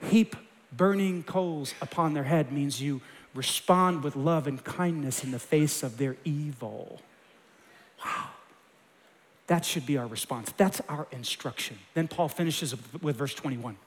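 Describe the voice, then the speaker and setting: A man preaching a sermon, impassioned and quoting scripture, with quick acted asides. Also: on the high side. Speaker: pastor. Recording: long hall reverb.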